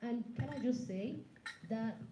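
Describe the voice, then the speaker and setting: A woman's voice: a little high, unhurried, dark tone, a little hiss or hum. A woman in her thirties giving a public talk, speaking earnestly and directly, putting questions to the audience. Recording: echoey room, slightly dull sound.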